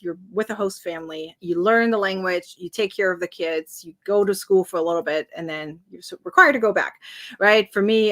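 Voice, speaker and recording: A woman's voice: medium pitch, pushed and bright. A woman in her thirties with a slight foreign accent, a guest chatting and laughing often while she tells stories in an interview. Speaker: guest crafter. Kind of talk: casual interview chat.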